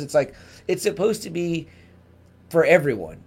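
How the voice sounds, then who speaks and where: A man co-hosting a casual review podcast, talking fast and acting out reactions, swearing freely. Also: sits high, gravelly, breathy edge. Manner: animated, acts out quoted reactions, swears casually. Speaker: podcast co-host.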